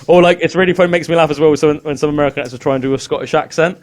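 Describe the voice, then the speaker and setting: Chatty English podcast co-host. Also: male voice, fairly high pitch, very fast. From England. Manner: chatty, animated storytelling with put-on voices. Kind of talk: casual chat.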